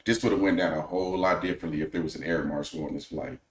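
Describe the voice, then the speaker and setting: A man hosting a podcast, giving measured, opinionated casual commentary. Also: very deep voice, fairly even intonation, reverberant. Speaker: podcast host.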